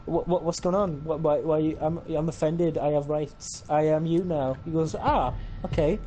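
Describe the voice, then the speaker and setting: A man's voice: a little high, level tone, moderate pace, mellow. A man joking around while playing a video game, rambling through absurd bits and acting out silly dialogue, swearing freely. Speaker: co-player. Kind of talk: casual gaming banter. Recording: noisy game audio behind voice.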